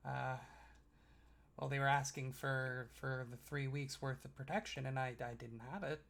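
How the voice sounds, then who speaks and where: A man's voice: medium pitch, fairly even intonation, normal speed, vocal fry, a bit bright. A man voicing a nervous, sweaty, balding older shopkeeper who stammers and apologizes over and over. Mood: jittery.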